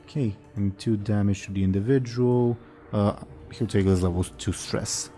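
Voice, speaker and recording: A young man narrating a tabletop game as game master, casual and halting with many fillers. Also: on the low side, steady tone, dark tone.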